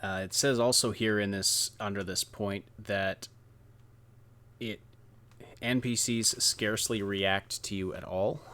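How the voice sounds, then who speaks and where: A man co-hosting a gaming podcast, calmly reading out and questioning news points in casual chat. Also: lowish voice. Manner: measured, reads from articles, hesitant restarts. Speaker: podcast co-host.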